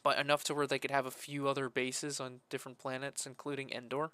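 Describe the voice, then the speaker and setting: A man talking casually while he builds a game map, rambling with many fillers and breaking into loud, sweary frustration. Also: mid-range voice, monotone, fast talker, clear, resonant tone. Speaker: modding streamer.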